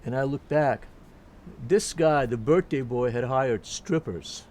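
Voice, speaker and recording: Older man of about 80; mid-pitched, chatty raconteur who restarts his sentences and acts out quotes. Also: unhurried. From Turkey. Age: around 80. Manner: lively anecdotes, quotes people in put-on voices, frequent restarts. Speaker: jazz pianist. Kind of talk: reminiscing storytelling.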